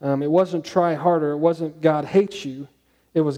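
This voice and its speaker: A man preaching a conversational sermon, asking his listeners questions and dropping to a hushed tone on key points. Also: fairly high pitch, steady tone, moderate pace. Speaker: pastor.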